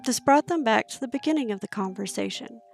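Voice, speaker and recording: A woman narrating a storybook in a measured, expressive reading voice. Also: a little high, creaky, faint music behind.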